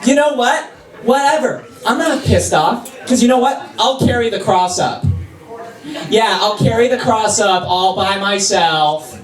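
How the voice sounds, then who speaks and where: Man doing a petty sassy Jesus, whiny high voice, mock-gracious, roomy distant club sound. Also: unhurried. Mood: sulking. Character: sassy passive-aggressive male Jesus. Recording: echoey club recorded from afar.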